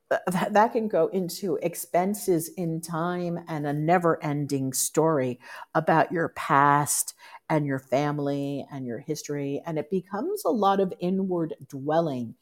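Woman life coach, lower register, explanatory and earnest, self-correcting motivational delivery. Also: darkish tone. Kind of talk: motivational talk.

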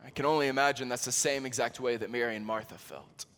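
A man preaching a sermon, rising to loud pleading peaks and dropping to hushed near-whispers, with slow emphasis on key words. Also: medium pitch, fairly even intonation, long reverb tail. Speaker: pastor.

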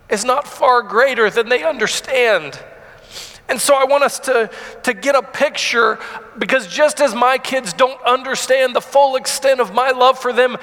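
A man in his thirties preaching a sermon, earnest and halting, with many repeated words, and he grows emotional as he speaks. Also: extremely high pitch, pushed and bright, long reverb tail. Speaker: pastor.

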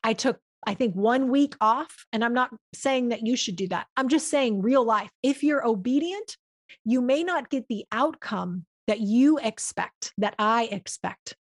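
A woman's voice: fairly high pitch, measured pace. A woman hosting a podcast, giving an earnest, heartfelt, faith-based reflection in a conversational way. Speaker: podcast host.

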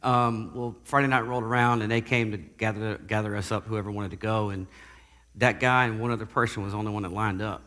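Halting low-voiced man telling his story. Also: steady tone, pushed and bright, in a large hall. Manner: halting, repeats words and restarts often. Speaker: guest sharing recovery testimony. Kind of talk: casual spoken testimony.

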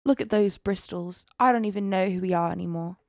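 A woman's voice: brisk, no room sound, studio quality, lightly acted. A woman voicing a tearful working-class wife in a mock British accent, cry-speaking with a wavering voice in a comedic parody. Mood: sobbing. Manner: exaggerated slang, high and strained. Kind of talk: comedic parody reading with friends.

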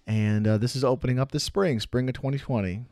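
A man's voice: medium pitch, steady tone, fairly quick, warm tone, dry recording, studio quality. A man co-hosting a casual chat show, enthusiastic and teasing, with many fillers. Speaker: podcast co-host.

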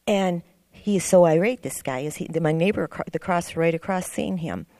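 A woman's voice: fairly low pitch, fairly quick, dark tone, no room sound. A middle-aged woman earnestly telling a rambling personal testimony in a church class. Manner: rambling, earnest storytelling with restarts. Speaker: class member sharing a testimony.

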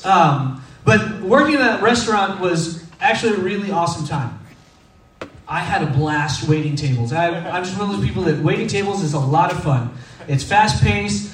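A man in his thirties from Texas, preaching in a casual, humorous, self-deprecating storytelling style. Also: sits high. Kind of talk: conversational sermon storytelling. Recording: echoey room, distant mic.

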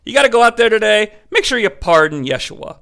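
A man's voice: high-pitched, sing-song, fairly quick, creaky, sharp tone, clean tone, exaggerated voice. A man voicing a pushy governor's wife making a casual demand.

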